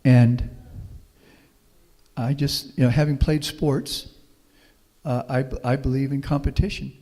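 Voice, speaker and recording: A man's voice: medium pitch, little pitch movement, unhurried, warm tone. A middle-aged man from Houston, Texas, giving a folksy, anecdotal public talk as a professor and answering audience questions. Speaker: guest speaker, professor. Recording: long reverb of a meeting hall.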